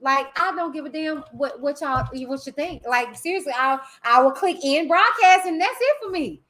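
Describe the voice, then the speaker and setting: A woman's voice: high-pitched, lively intonation, moderate pace, fairly bright tone. A woman hosting a live stream, talking bluntly and animatedly in casual commentary. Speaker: livestream host.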